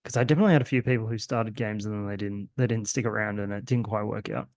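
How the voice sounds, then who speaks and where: A man with an Australian accent and a gravelly, creaky voice talks through a card game. He rambles and stops to correct himself often. The sound is dry and close, with no room echo. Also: on the low side, steady tone, fast, darkish tone. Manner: rambling, self-deprecating, many fillers and restarts. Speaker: host. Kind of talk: casual gameplay commentary.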